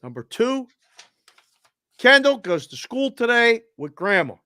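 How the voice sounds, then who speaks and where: A man co-hosting a sports betting show who tells stories in an animated, profane way. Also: very high-pitched, measured pace, dry recording, clean studio sound. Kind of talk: casual sports betting chat.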